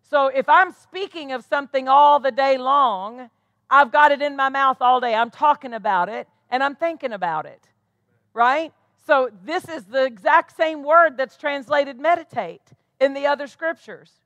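A high-pitched American woman preaches from the pulpit with a bright, forceful tone. She repeats key phrases over and over and drags out her scripture readings for weight. The sound is close and dry, with no room around it. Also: no room sound, muffled recording. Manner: emphatic, repetitive preaching with slowed, stressed scripture readings. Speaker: pastor. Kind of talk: sermon.

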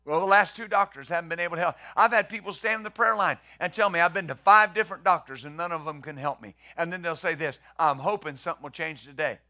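A man's voice: fairly high pitch, quick pace, hardly any pauses, pushed and bright. A male pastor preaching a conversational sermon, acting out the quotes he reads and the questions he poses.

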